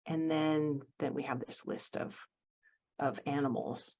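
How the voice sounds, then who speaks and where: A low-pitched woman leads an online writing workshop, walking through examples slowly and carefully with the odd "um". Her voice comes over a video call with slightly dull, muffled audio. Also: gravelly, a little mellow. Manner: measured, explains step by step with fillers.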